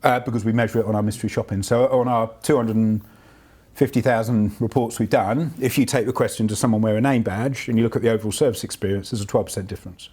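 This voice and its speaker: A husky man talks at a fast clip. He tells business stories on stage, animated and quick to laugh. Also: fairly low pitch. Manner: animated anecdotes, bursts of laughter. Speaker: guest speaker. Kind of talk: storytelling on stage.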